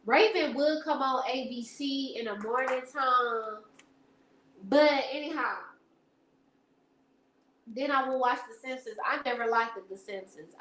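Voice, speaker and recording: Young woman, high voice, chatty rambling livestream host, roomy echo. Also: fairly bright tone, slight background noise. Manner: chatty, rambling, laughs often, addresses viewers as y'all. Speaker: live stream host. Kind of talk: casual storytelling chat. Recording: echoey room.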